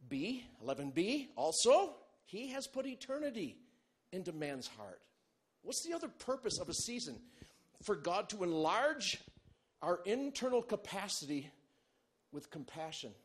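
A male pastor preaching a sermon, animated and humorous, moving between loud bursts and quiet, low asides. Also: a little slow, slightly rough. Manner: animated, humorous preaching with big swings in loudness.

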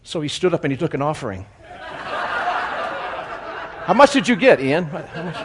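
A man speaking as a guest church speaker, telling a humorous story in a sermon with animated, chuckling delivery. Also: on the high side, moderate pace, background noise.

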